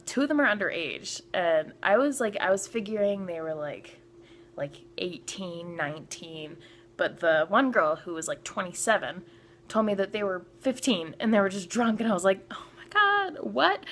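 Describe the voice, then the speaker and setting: Excitable young Canadian woman vlogger. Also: on the low side, slight background noise. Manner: excitable, many filler "like"s, acts out quotes. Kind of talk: storytime vlog.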